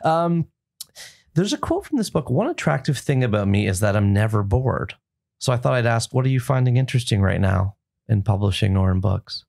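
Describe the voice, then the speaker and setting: A man's voice: mid-range voice, very animated, fairly quick, vocal fry, darkish tone. A man hosting a podcast, asking curious, thoughtful questions in casual chat. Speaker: podcast host.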